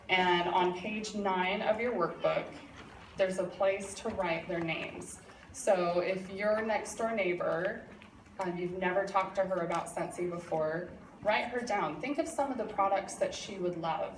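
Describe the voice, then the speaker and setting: A woman's voice: fairly low pitch, far from the mic. A middle-aged woman giving a live workshop presentation as a sales trainer, chatty and encouraging with frequent fillers. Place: presentation room. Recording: echoey room from afar, audible noise.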